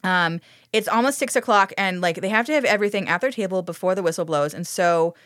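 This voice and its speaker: A woman's voice: lowish voice, quick pace, a bit bright, dry recording, studio quality. A woman podcast co-host recapping a TV episode in casual chat, sarcastic and profane, with plenty of fillers.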